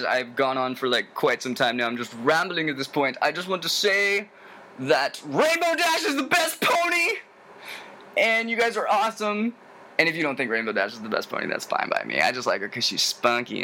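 A young man from Tennessee with a General American accent, rambling casually and jokily as he introduces himself in a video. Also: a little hiss or hum. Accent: General American, no Southern drawl. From Tennessee, USA. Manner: rambling, animated, jokey, with sudden high sung bits. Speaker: vlogger introducing himself to a forum.

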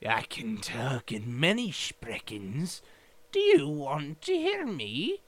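A woman's voice: on the low side, very animated, takes it slowly, gravelly, no echo, voice pushed down, full character voice. A woman voicing a goofy, clumsy male alien creature with silly, garbled speech.

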